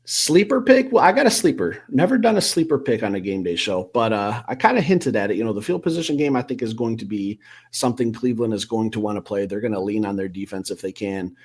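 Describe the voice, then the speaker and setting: A man's voice: lowish voice, expressive, fast, darkish tone, husky. A man co-hosting a casual sports podcast, rambling through football predictions with a few self-corrections. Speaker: co-host.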